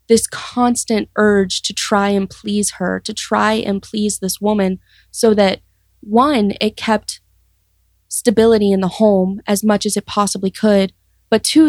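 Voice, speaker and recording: A young woman sharing her life story in an interview, earnest and reflective, often pausing and restarting. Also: medium pitch, steady tone, no room sound, studio quality. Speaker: guest sharing testimony. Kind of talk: personal testimony interview.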